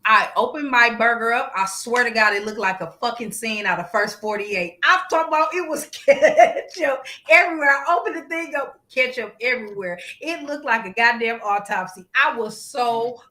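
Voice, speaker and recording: A woman co-hosting a casual talk show, telling a story in an animated way, laughing often and swearing freely. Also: fairly high pitch, moderate pace, hardly any pauses. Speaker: co-host.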